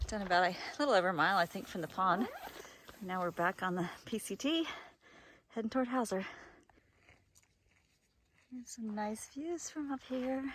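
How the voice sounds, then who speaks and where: A woman's voice: mid-range voice, a bit bright. Woman, hiking vlogger, cheerful, chatty, outdoors on a trail, handheld camera, faint background noise. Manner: cheerful, chatty, laughs often. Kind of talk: casual vlog narration while hiking.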